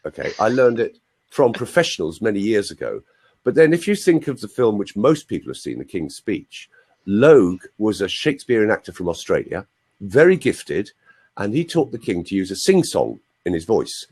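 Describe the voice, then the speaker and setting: Animated male voice coach, husky. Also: fairly low pitch, normal speed. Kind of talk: live video interview.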